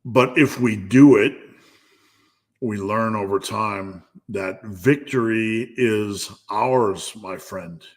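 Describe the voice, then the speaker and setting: A man's voice: on the low side, takes it slowly. A man hosting a live fitness Q&A, giving a blunt, profane pep talk. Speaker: fitness channel host.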